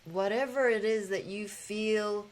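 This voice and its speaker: A woman's voice: mid-range voice, fairly even intonation, unhurried, poor audio. A woman hosting a casual spiritual gathering, talking in a loose, rambling way with fillers and the odd swear.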